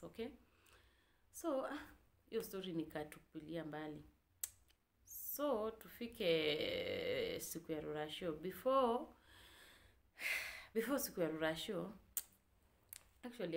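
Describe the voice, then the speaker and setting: A woman's voice: on the low side, darkish tone. A young Kenyan woman telling a personal story to her viewers, candid and emotional, with frequent fillers. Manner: candid, code-switching, emotional. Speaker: vlogger. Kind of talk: casual storytelling to camera.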